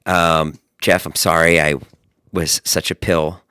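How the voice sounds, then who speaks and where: A man hosting a podcast, telling stories in a casual chat, animated and swearing freely. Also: deep voice, takes it slowly, clear, resonant tone, no room sound, studio quality. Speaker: podcast host.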